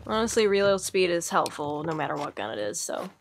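A woman's voice: on the low side, very animated, fairly quick, a little hiss or hum. A woman giving casual let's-play commentary, chatty and giggly, thinking aloud as she plays. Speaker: gaming streamer.

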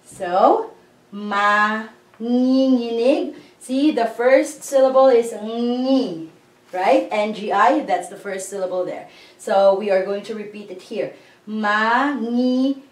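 Woman, language teacher, slow, patient, spells out syllables, echoey room, distant mic. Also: mid-range voice, a little mellow. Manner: patient, spells out syllables and repeats words slowly. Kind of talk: slow classroom-style grammar lesson.

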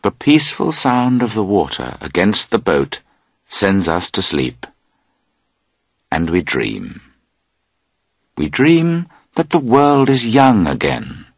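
Slow husky man reading a story. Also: no echo, clean studio sound. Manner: slow expressive storytelling with wide pitch swings. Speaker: audiobook narrator. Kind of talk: scripted narration of a graded reader.

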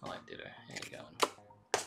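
A woman opening trading card packs on camera in casual chat, swearing freely and breaking into sudden high squeals of excitement. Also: measured pace, background noise.

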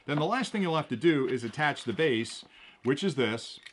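A man reviewing a gadget on camera, explaining each step of the setup in a relaxed, chatty way with the odd chuckle. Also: a little high, moderate pace, slight background noise. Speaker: product reviewer. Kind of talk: hands-on product demonstration.

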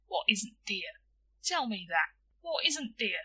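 A woman's voice: medium pitch, big pitch swings, slow pace, sharp tone, slightly rough, far from the mic, exaggerated voice. A woman doing a lugubrious old shopkeeper. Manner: heavy, lugubrious. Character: gloomy, firm old shopkeeper man.

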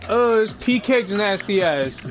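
A man's voice: sits high, lively intonation, a little slow, over music. A young man gaming in voice chat, blunt and profane, taunting the other players. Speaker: gamer in voice chat. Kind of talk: casual trash talk while gaming.

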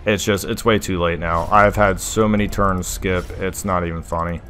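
A man's voice: low-pitched, fairly even intonation, moderate pace, a bit bright, faint music behind. A young adult man venting as a gaming streamer, giving exasperated live gameplay commentary full of mild oaths in place of swears.

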